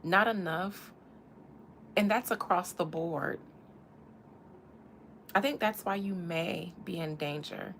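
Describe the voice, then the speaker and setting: A woman's voice: lowish voice, slow, long pauses, fairly bright tone, slight background noise. A woman from the American South with a Southern accent, hosting a casual tarot reading and talking in a sassy, teasing drawl. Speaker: tarot reader and channel host.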